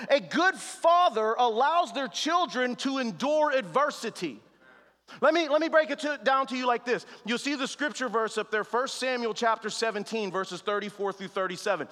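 Male pastor, high bright voice, slangy sermon, big hall reverb. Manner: preaching with swings from hushed to shouted; plain slangy street talk.

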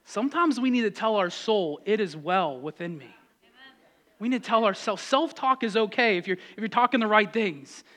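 A man's voice: high voice, brisk, few pauses, bright, forceful tone. A middle-aged man preaching a sermon as pastor, exhorting and repeating key phrases with conversational asides to the congregation.

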